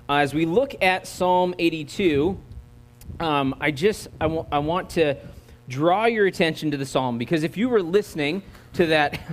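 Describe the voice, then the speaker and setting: American man preaching in a slightly high voice. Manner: conversational, joking, audience-engaging. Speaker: guest preacher. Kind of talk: sermon with opening prayer.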